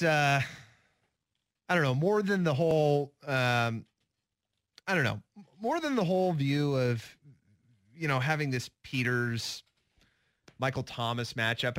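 A man's voice: on the high side, a bit bright, dry recording, studio quality. A man co-hosting a sports radio show, giving opinionated, joking takes in casual talk with many fillers.

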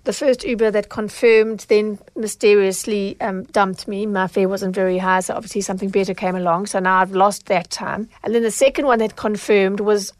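A woman's voice: mid-range voice, normal speed, hardly any pauses, no room sound. A middle-aged woman hosts her own podcast, talking straight to the listener in a conversational, storytelling way. Her voice is recorded close and dry, with no room sound behind it, and she livens up when she acts out what people said. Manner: animated when retelling, acts out quoted lines. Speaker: podcast host, consumer advocate.

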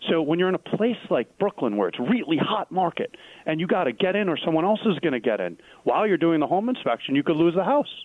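A man's voice: on the high side, sing-song, quick pace, hardly any pauses, no room sound, phone-quality sound. A man co-hosting a real estate radio show, explaining things patiently and posing rhetorical questions. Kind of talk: call-in radio advice.

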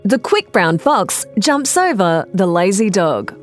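A woman voice talent with a Singaporean English accent, reading a test sentence in a clear, deliberate way. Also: medium pitch, very animated, soft background music.

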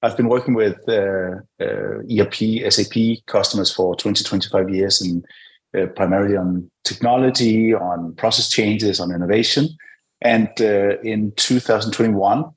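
A middle-aged man with a Danish accent talks as a podcast guest. His voice sits fairly low, and he speaks in a friendly, hesitant way, pausing often as he gathers his words. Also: fairly even intonation, poor audio. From Denmark. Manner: friendly, hesitant, frequent "uh" pauses. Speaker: podcast guest, product director. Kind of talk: casual interview talk.

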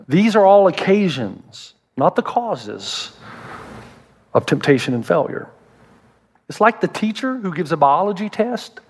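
A middle-aged man preaches with a noticeably high voice. He is animated and humorous, and he slips into quoted voices to make his points in a sermon. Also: breathy edge. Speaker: pastor.

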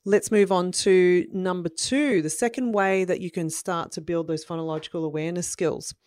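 A woman's voice: lowish voice, steady tone, moderate pace, darkish tone, no room sound. A woman, explaining to parents how to build early reading skills in a friendly, encouraging way, acting out children's replies. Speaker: parenting educator. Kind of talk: instructional talk to parents.

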